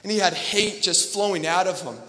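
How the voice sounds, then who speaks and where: A young man delivers a sermon in a high, bright voice that rings through a large, echoey hall. He talks in a loose, conversational way, doubling back on his phrases, then leans hard into emphatic lines. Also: brisk. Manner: conversational, repeats phrases, builds to emphatic peaks. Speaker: preacher. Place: large hall with long reverb.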